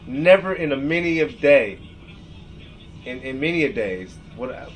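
A man's voice: mid-range voice, animated, normal speed, soft background music, low-quality recording. Profane ranting man reading texts aloud. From Seattle, US. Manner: profane, rambling, reads text messages aloud. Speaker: podcast host. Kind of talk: emotional rant.

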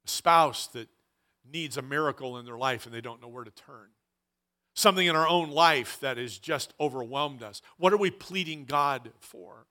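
A man's voice: mid-range voice, moderate pace, bright, forceful tone. A man preaching a sermon as pastor, earnest and emphatic, often repeating phrases for weight.

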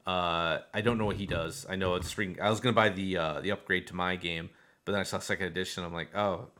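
A young man with a lowish voice co-hosts a podcast in easygoing, excited chat. He talks in quick bursts, piling up fillers and restarts as he goes. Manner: animated, fast, lots of fillers. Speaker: podcast co-host. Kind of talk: casual chat.

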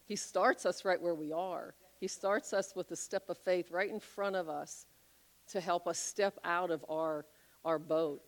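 A woman preaching a sermon, telling a Bible story with animated, acted-out voices. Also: on the low side, measured pace. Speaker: pastor.

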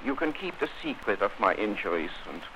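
An injured German nobleman in an old radio play, his German-accented speech halting with weakness. The voice sits low yet has a bright, forward edge. He stays courteous through the strain. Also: very animated, a little hiss or hum, rough recording. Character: wounded aging German count, weak and courteous. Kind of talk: 1940s radio acting.

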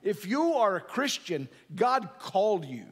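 A man's voice: high voice, sing-song, a little slow, breathy edge. A middle-aged man preaching a sermon in a conversational, joking way, often asking the audience questions. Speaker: pastor. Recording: long hall reverb.

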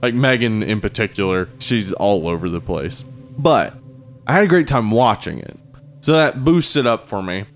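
A man's voice: on the low side, animated, moderate pace, faint music behind. Joking man co-hosting a movie podcast. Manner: joking, profane, does silly put-on accents. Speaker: podcast co-host. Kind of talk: casual chat, movie review.

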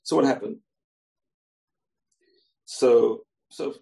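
Gravelly animated man telling a Talmud story. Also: fairly high pitch, moderate pace, recorded from a distance. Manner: animated, acts out the characters' lines. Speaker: Torah teacher.

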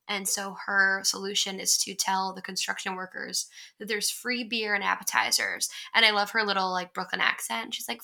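A woman's voice: mid-range voice, expressive, normal speed, creaky, sharp tone, low-quality recording. A young adult woman co-hosting a casual movie-recap chat, talking in a chatty way with lots of "like" fillers. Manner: chatty, lots of "like" fillers, acts out quoted lines.

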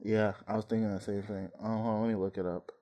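A man's voice: little pitch movement, quick pace, dark tone. Joking, profane young man. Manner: profane, jokey, acts out quoted voices high. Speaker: podcast co-host. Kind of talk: casual chat.

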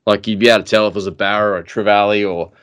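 A low-pitched Australian man chats as a podcast guest. He tells his story in a loose, excitable way, often trailing off into fillers before his voice jumps up again. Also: racing, smooth. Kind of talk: casual storytelling.

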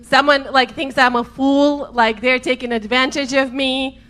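Woman, high bright voice, slow unhurried delivery, giggly co-host in a couple's chat. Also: fairly even intonation. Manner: giggly, slow, often laughing. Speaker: co-host, wife. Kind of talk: casual storytelling chat.

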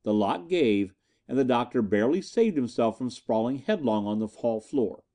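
Brief: male storyteller for a pulp audiobook, warm and expressive. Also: medium pitch, moderate pace. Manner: lively storytelling. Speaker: narrator. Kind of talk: audiobook reading of pulp fiction.

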